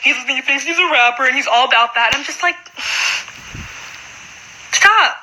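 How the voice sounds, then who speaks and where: A young woman in her late teens, a high school student, venting in a casual vlog with frustrated talk full of "like.". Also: quick pace, sharp tone, a little hiss or hum, poor audio.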